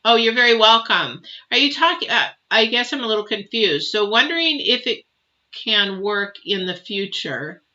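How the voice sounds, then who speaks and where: A woman's voice: on the high side, lively intonation, normal speed, bright, forceful tone. A woman giving a live tarot reading and answering viewers, emotive and chatty with many fillers and restarts. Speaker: tarot reader. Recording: dull lo-fi sound.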